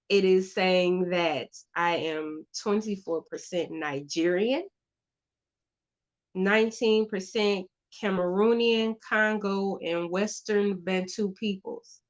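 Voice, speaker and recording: A woman hosting her own show, telling a story in a casual, chatty way, halting with fillers and restarts, on a slightly dull, lo-fi recording. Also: medium pitch. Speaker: podcast host.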